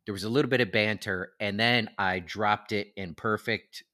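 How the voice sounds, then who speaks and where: Bright-voiced man telling animated stories. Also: lowish voice, normal speed, no echo, studio quality. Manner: animated, swearing anecdote-telling. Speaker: podcast co-host. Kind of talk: casual chat.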